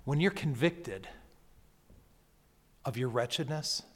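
This pastor's medium-pitched voice is animated and slightly rough as he slowly and emphatically preaches a sermon. The church sanctuary gives a long hall reverb, and he swings from near-whispers up to loud calls.

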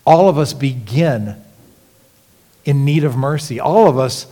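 A man preaching a sermon as pastor, earnest, dropping to hushed lines and then rising with emphasis. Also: mid-range voice, animated, a little slow. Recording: long hall reverb.

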